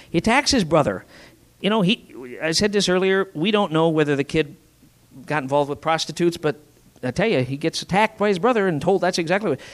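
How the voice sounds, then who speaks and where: A fairly high-voiced man preaching with great animation, his pitch leaping up and down from phrase to phrase. He moves between forceful emphasis and near-whispered lines. He keeps asking the congregation rhetorical questions. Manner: dramatic, swinging from forceful emphasis to hushed whispers. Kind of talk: sermon.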